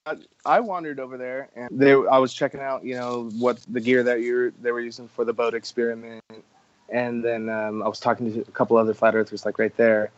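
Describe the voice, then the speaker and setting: A man's voice: medium pitch, little pitch movement, a little fast, no echo. A man in casual chat who laughs often and agrees in short replies. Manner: laughing, brief backchannel agreement. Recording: dull lo-fi audio with faint noise.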